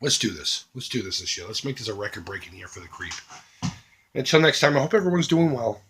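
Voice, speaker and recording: A middle-aged man making an earnest, emphatic charity appeal to his viewers as a vlogger, swinging between loud and hushed. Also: mid-range voice, animated, quick pace, breathy edge.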